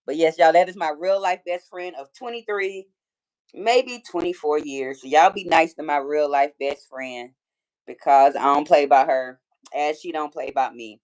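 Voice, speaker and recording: A woman in her forties with a Detroit accent hosts a casual livestream, chatting with viewers and reading their comments amid playful trash talk. Her voice is low and a little mellow, at a normal speed.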